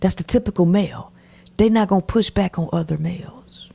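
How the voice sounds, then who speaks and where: A woman's voice: lowish voice, a little fast, creaky, dark tone, breathy edge. A woman commentating on a podcast clip in a preachy way, repeating her points and often dropping to a whisper. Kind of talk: reaction commentary.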